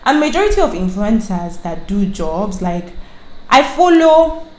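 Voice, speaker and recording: A young woman, a guest influencer telling an animated story in casual conversation. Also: medium pitch, a little slow. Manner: animated, acts out quoted voices. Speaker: guest, influencer and former radio voice-over artist. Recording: echoey room with faint ambience.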